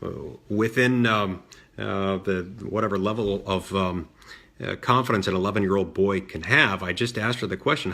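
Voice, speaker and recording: A middle-aged man telling a personal story in a measured way, with frequent fillers and restarts. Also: lowish voice, sharp tone. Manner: measured, many fillers and restarts, mimics voices in quotes. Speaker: senator recounting a childhood story. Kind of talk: storytelling monologue.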